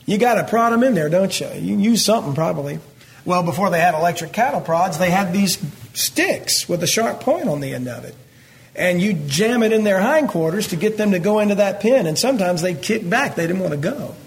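A man's voice: high-pitched, animated, brisk, creaky, a little hiss or hum. A middle-aged man, teaching a Bible passage verse by verse in a folksy, conversational way and talking directly to his congregation. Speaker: pastor.

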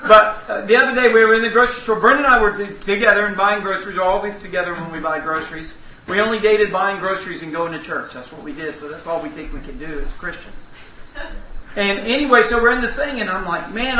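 A man's voice: sits high, fairly quick, slight background noise. A man preaching a sermon in a church, telling folksy, humorous stories. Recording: echoey hall, distant mic, dull sound.

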